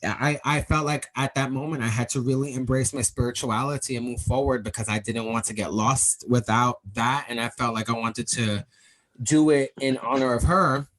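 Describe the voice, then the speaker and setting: A man's voice: mid-range voice, normal speed, poor audio. Young man, podcast guest, earnest storyteller, emotional, mid-range voice. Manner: earnest, animated storyteller who acts out quoted speech. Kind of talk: personal storytelling in conversation.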